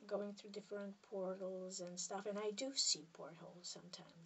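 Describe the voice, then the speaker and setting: A woman from Serbia with a Serbian accent, a spiritual healer talking to camera in a hesitant, halting way that keeps dropping into soft near-whispers. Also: medium pitch, fairly even intonation, distant mic, slight background noise. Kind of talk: casual monologue to camera.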